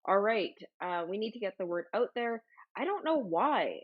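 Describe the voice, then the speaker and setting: A woman's voice: mid-range voice, sing-song, moderate pace. Bubbly woman chatting on a lo-fi livestream. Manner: chatty and bubbly, frequent exclamations and fillers. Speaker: livestream host. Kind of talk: casual livestream chat reading viewer comments.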